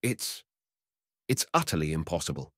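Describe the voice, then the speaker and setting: A man's voice: very deep voice, big pitch swings, moderate pace, a bit bright, no room sound, studio quality, exaggerated voice. A man voicing a timid, tearful young barber. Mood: shocked.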